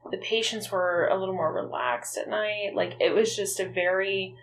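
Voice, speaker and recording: A woman's voice: medium pitch, normal speed, a little hiss or hum, rough recording. Blunt young woman chatting candidly. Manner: candid, blunt, swears freely. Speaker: podcast co-host. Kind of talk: casual chat.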